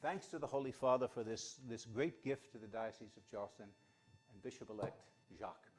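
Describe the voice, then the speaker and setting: A man, a bishop, giving hesitant welcoming remarks at a press conference, with frequent restarts and pauses. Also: mid-range voice, heavy background noise.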